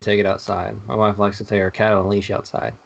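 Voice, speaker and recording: A man's voice: on the low side, level tone, fast, gravelly, highs cut off. A man co-hosting a podcast, chatting casually and making dry, jokey asides. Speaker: podcast co-host. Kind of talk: casual chat.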